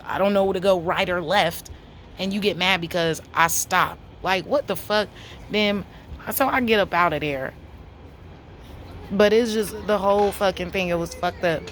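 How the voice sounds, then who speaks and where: A woman in her thirties tells her story to camera in a blunt, animated manner, swearing freely and speaking. She talks at a middle pitch, with faint background noise. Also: normal speed. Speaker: vlogger.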